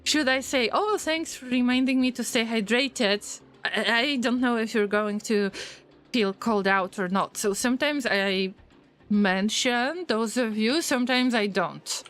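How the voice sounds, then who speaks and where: A woman's voice: on the high side, measured pace, fairly bright tone, faint music behind. A woman streaming a game and chatting with her viewers in English, which is not her first language. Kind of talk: casual livestream chat while gaming.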